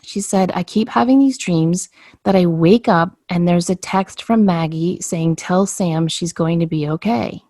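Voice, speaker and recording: Fairly low and unhurried, a woman's voice carries a personal story through a casual podcast conversation. She's animated and performs the quoted lines herself, and the recording is dry, clean studio sound.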